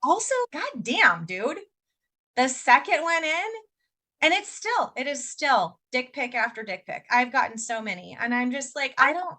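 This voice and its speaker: A woman co-hosts a casual podcast and speaks bluntly, pressing hard on her points. Her voice is bright and forceful, a little high. She swears freely as she goes. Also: sing-song, normal speed. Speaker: podcast co-host. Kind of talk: casual candid chat.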